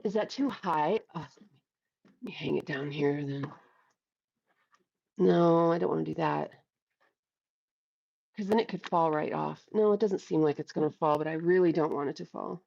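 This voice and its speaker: A woman's voice: deep voice, normal speed, creaky, pauses often, darkish tone, lo-fi sound. A middle-aged woman hosting a casual livestream on a headset, chatting bluntly with plenty of swearing and reading out viewers' comments. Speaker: livestream host. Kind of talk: casual live chat. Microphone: headphones with mic.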